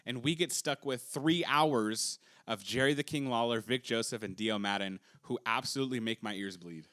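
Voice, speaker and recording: Blunt, opinionated young podcast host. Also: male voice, moderate pace. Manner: opinionated, blunt, sometimes drops low and flat. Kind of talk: casual chat.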